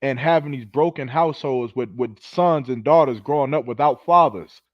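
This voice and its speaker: A man's voice: mid-range voice, moderate pace, no room sound, muffled recording. A man hosting a podcast, delivering heated, preachy commentary in a scolding, profane manner. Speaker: podcast host.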